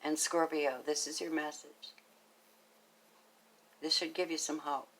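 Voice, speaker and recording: Low-voiced woman giving a casual tarot reading. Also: little pitch movement, measured pace, a little hiss or hum, poor audio. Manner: chatty and affectionate, thinks aloud, drops into soft half-whispered asides. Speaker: tarot card reader.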